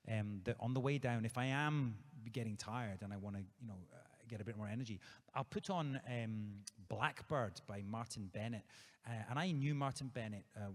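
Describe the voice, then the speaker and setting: Easygoing Scottish man, low voice. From Scotland. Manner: easygoing and playful, rambling with many fillers and restarts. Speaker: guest author at a live book event. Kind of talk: live on-stage Q&A chat. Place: theatre stage before an audience. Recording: long hall reverb from a live venue.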